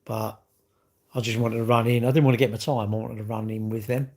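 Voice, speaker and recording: A middle-aged man hosts a casual live stream, rambling from one topic to the next. His voice is husky and a little rough. He gives blunt opinions and answers viewers' comments as he goes. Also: mid-range voice, level tone, a little fast, darkish tone. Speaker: livestream host.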